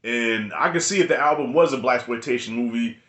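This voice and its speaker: A man's voice: medium pitch, a little fast, a bit bright, roomy sound. A man giving a casual spoken review of a TV episode, loose and rambling, with slangy, profane talk. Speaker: video reviewer.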